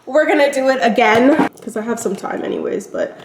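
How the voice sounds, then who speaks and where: A young woman chats through a home shopping haul as a mother, wandering off-topic with filler words. Her voice sits a little high. The camera is set down a few steps away in a very echoey room with steady background noise. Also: a little fast, vocal fry, distant mic. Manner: chatty and rambling, lots of "like". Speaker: vlogger, mother. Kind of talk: casual haul vlog. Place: at home, indoors. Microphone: camera set down nearby. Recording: very echoey room, off-mic, noisy.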